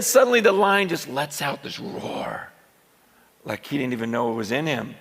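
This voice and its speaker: A high-pitched, gravelly male preacher telling a story in a sermon. His voice rings with a long hall reverb. He starts out chatty and rises to loud shouting. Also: big pitch swings, moderate pace.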